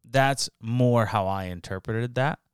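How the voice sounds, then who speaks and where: A man co-hosting a podcast, relaxed and agreeable, talking in casual slang. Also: medium pitch, takes it slowly, clear, resonant tone, no room sound, studio quality. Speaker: podcast co-host.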